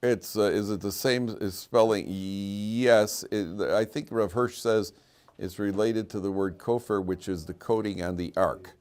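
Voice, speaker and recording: A man's voice: on the low side, steady tone, unhurried, a little mellow. A man teaching a class as a rabbi, repeating his key lines for emphasis and telling stories. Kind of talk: classroom lecture. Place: classroom with students.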